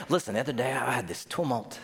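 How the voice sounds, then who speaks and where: A pastor gives a humorous, conversational sermon in a church sanctuary, joking playfully and acting out how his listeners react. His medium-pitched voice is fairly bright and quick, and the recording carries the long reverb of a large hall.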